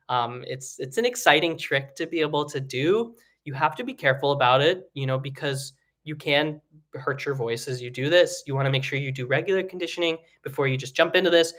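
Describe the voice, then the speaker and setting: A man teaching singing in a casual, rambling way, with many fillers and restarts, breaking into high sung examples. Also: a bit bright. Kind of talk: live online singing lesson.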